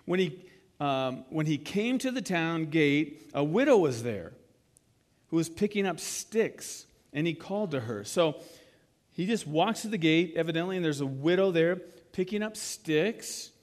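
A man's voice: fairly high pitch, expressive, measured pace, big-room sound. A man preaching a sermon in a conversational way, retelling a scene and asking the listeners rhetorical questions. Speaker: pastor.

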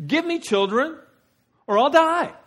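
A man voicing a jealous young woman, shrieking her demands in a strained, high voice. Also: lively intonation, unhurried, a bit bright, exaggerated voice. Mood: demanding.

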